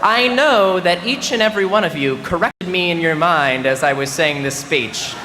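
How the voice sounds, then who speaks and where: Bright and pushed, his high-sitting voice moves at a moderate pace. The young graduate, in his twenties, works mock-serious comic timing into a humorous speech as the audience laughs, captured in a large, echoey venue with faint background noise.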